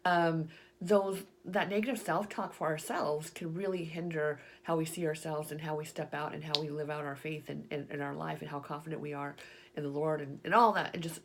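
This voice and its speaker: Woman, low voice, chatty testimony, lots of fillers. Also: vocal fry. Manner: chatty, many fillers, animated retelling of her own inner dialogue. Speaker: Catholic speaker sharing her faith story. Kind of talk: casual personal testimony.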